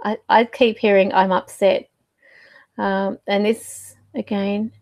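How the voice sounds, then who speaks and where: A woman's voice: mid-range voice, flat delivery, slow pace, no echo, dull audio. A woman hosting her own channel, talking casually to camera as a psychic medium, rambling and searching for words with fillers. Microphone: desk mic.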